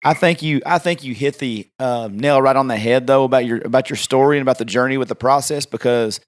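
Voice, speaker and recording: A middle-aged man hosting a podcast, talking in a relaxed, chatty way. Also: medium pitch, a little fast, dry recording, studio quality. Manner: relaxed, chatty, many fillers. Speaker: podcast host. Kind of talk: casual podcast conversation.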